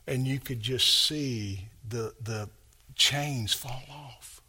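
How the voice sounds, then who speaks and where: A man preaching a sermon as pastor, emphatic and repetitive, building his phrases up to shouts. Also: mid-range voice, very slow, husky.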